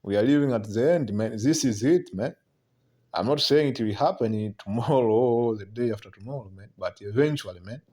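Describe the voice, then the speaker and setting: Speaking in a mid-range voice with a dark tone, a man preaches about prophecy in a relaxed way. Scripture readings come between his remarks, and his halting repeats often end with "man."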